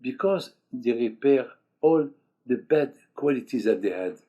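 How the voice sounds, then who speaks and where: An older man preaching as a rabbi speaks in a medium-pitched, warm voice with lively intonation, a little slowly, and the audio's highs are cut off. English is his second language, so his grammar is broken; he's emphatic, repeats key phrases, and sprinkles in Hebrew terms.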